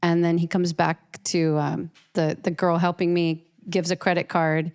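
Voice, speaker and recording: A woman's voice: fairly low pitch, flat delivery, unhurried, darkish tone, clean tone. A woman artist telling an earnest, emotional personal story as an interview guest, often restarting and repeating her words.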